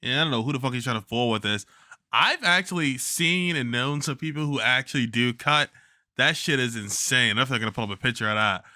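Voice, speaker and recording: A man's voice: medium pitch, fairly quick, bright, forceful tone, no echo, clean studio sound. A man hosting a reaction video, commenting loosely with lots of fillers and swearing. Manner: loose, profane, rambling with many fillers. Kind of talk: casual commentary over clips.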